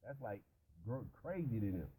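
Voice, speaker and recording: A man's voice: mid-range voice, sing-song, moderate pace, dark tone, a little hiss or hum, poor audio. A man telling stories and preaching in casual, profanity-heavy chat, rambling with many restarts. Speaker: religious discussion participant.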